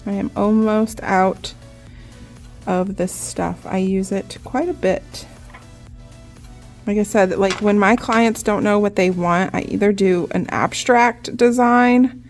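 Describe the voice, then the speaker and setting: A young woman, a nail artist, giving a relaxed, chatty step-by-step nail art tutorial, often saying "like". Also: medium pitch, slow, soft background music.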